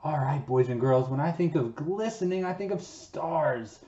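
A man coaching a home PE workout in his basement. He sounds upbeat and encouraging and ends most sentences with a quick "okay?" or "all right?". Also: fairly high pitch, animated, mellow. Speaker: PE teacher. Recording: echoey basement, slightly dull sound.

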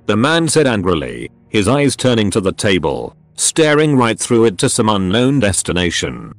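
Low-voiced male story narrator. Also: very animated, moderate pace, hardly any pauses, no echo, soft background music.

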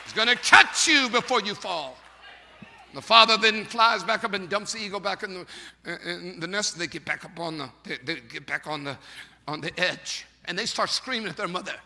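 A male pastor tells a story in his sermon and builds it up to loud shouting. His voice is very high and piercingly bright. It carries a long reverb from a big church sanctuary. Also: a little slow, gravelly.

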